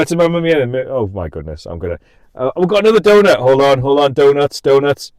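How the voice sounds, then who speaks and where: Young male streamer, lively pitch, dry close mic, giggly and scattered, casual chat. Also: fairly quick, no room sound. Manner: giggly, scattered, self-interrupting. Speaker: podcast and stream host.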